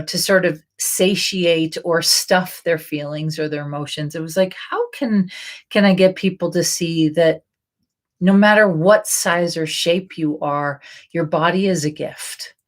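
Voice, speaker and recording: A middle-aged woman coach talking casually and with animation, laughing often and acting out little voices as she speaks to her audience. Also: lowish voice. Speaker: intuitive body coach. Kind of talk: casual promotional talk.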